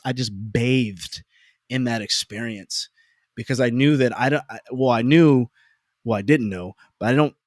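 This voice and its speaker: A man in a relaxed podcast chat tells a story with lively, emphatic repeats and jokes at his own expense. His voice sits at an ordinary middle pitch for a man. The recording is dry and close, with no room echo. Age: adult parent. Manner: animated, emphatic repetition; self-deprecating humor. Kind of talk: casual conversational storytelling.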